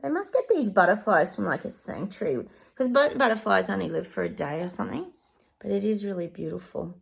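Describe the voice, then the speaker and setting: Expressive and fairly quick, her medium-pitched voice carries vocal fry as this middle-aged Australian woman delivers a casual psychic reading to camera. She chats away, refers to viewers as "guys," and sings snatches of songs.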